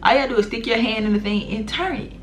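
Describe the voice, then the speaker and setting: Animated young woman telling a storytime. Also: a little high, racing, noisy background. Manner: animated, slangy, swears freely, talks straight to viewers. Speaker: vlogger. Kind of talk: storytime vlog.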